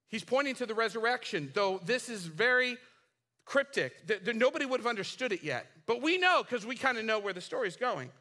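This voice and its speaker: A man's voice: very high voice, expressive, a little fast, bright, forceful tone. A man in his forties preaching a sermon, telling a story casually with fillers and acting out the characters' lines. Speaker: pastor.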